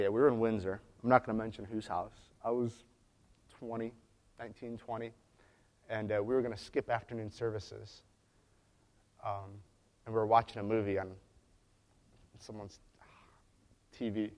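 A man preaching in a conversational way, telling stories with frequent restarts and asides. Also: lowish voice. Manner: chatty storytelling with frequent restarts. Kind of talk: conversational sermon.

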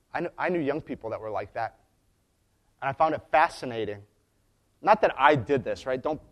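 A man preaching in a conversational way, telling stories with frequent restarts and asides. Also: medium pitch. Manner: chatty storytelling with frequent restarts. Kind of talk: conversational sermon.

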